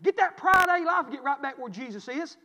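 A man preaching a sermon, swinging from quiet storytelling to shouted preaching. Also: extremely high pitch, animated, fast, long reverb tail, dull audio. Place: church.

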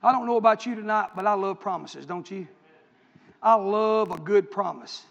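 Very high-voiced preacher, echoing hall. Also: male voice, moderate pace, vocal fry. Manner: impassioned storytelling preaching, swinging from loud to hushed. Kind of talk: sermon. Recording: echoey hall, dull lo-fi sound.

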